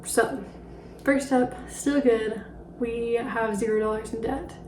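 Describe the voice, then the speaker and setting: A woman's voice: on the high side, steady tone, slow, roomy sound, background noise. A woman in her twenties talking casually about her family finances, slightly out of breath, with light laughs and fillers. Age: 20s. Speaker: personal finance vlogger. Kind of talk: casual talk to camera.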